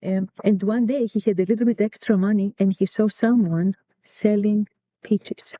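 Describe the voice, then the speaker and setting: A middle-aged Greek woman, a podcast guest and co-founder, tells family stories in an interview, reflective and repeating words as she searches for them. Her medium-pitched, mellow voice keeps a fairly even intonation at a moderate pace, captured in a dull, dry lo-fi recording.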